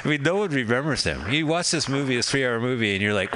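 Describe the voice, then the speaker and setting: A man's voice: mid-range voice, very animated, fast talker, hardly any pauses, a bit bright, rough recording. A man hosting a casual radio chat, joking and rambling about a film he is watching, swearing freely. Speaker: host. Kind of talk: casual movie commentary chat.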